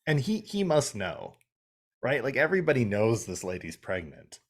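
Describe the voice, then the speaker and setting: A young man co-hosts a podcast, recapping a TV episode in casual chat, swearing and acting out the characters' lines. His medium-pitched voice swings widely in pitch at a moderate pace.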